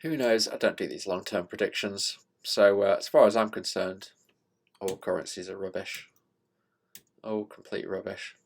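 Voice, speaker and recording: A man casually thinking out loud about currency charts as a channel host, rambling and self-deprecating with many fillers. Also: deep voice, level tone, moderate pace, creaky. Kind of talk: casual screen-share market commentary.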